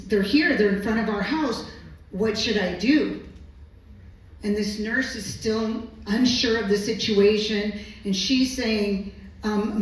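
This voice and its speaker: Woman storyteller, medical interpreter, earnest and emotional, unhurried, distant mic in a reverberant hall. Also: mid-range voice, darkish tone. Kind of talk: live personal storytelling. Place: stage at a live storytelling evening.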